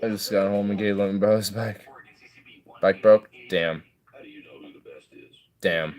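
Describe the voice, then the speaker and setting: A man's voice: deep voice, little pitch movement, a little slow, long pauses. A man streaming a game, joking and swearing as he reacts. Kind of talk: casual gaming commentary.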